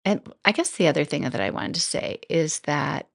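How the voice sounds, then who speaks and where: A middle-aged woman hosting a solo podcast, talking casually, thinking out loud and laughing often. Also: low voice, animated, normal speed, gravelly, dry recording, clean studio sound. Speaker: podcast host and coach.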